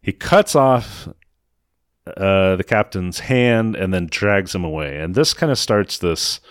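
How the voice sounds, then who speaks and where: A man's voice: sits low, expressive, slow pace, clean tone, no echo, clean studio sound. A man recapping a film in casual chat, sarcastic and mocking, often slipping into put-on voices to quote lines. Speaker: podcast host recapping a film.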